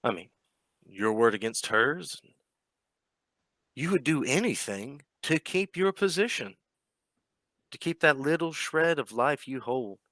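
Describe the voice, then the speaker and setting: A man voicing a haughty immortal baron who looks down on mortals, speaking slowly and theatrically. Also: mid-range voice, expressive, a bit bright, no echo, pitched above the performer's own voice. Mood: disdainful. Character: haughty immortal male Baron, amused, cruel.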